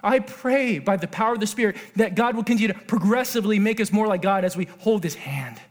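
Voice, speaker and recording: High-voiced excitable male preacher. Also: fast talker. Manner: earnest, swings from hushed to excited. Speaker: pastor. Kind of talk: sermon.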